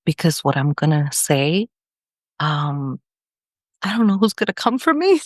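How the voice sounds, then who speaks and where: A woman with a notably low voice tells a personal story as an interview guest. She recounts events vividly and acts out the lines in her story. The sound is close and dry. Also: very animated, a little slow, dry recording. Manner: tells the story vividly, acting out the dialogue with pitch jumps. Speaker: psychic medium guest.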